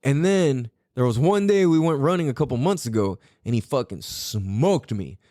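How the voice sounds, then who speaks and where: A middle-aged man hosts a podcast in a mid-range voice at moderate pace, captured dry and studio quality. His stories are animated and full of profanity, with him acting out his own past quotes.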